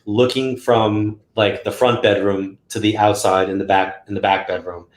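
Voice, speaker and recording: The guest here is a psychic medium, a man with a lowish voice who talks at a moderate pace. He shares stories casually in the interview, becoming animated and raising his voice when acting out quotes, all in an echoey room.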